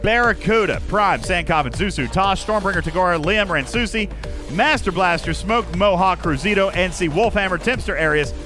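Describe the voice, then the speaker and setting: A man's voice: high voice, normal speed, over music. A man hosting a casual podcast, joking around and rambling, then rattling off long lists of supporter names. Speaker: podcast host. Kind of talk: casual podcast banter and shout-outs.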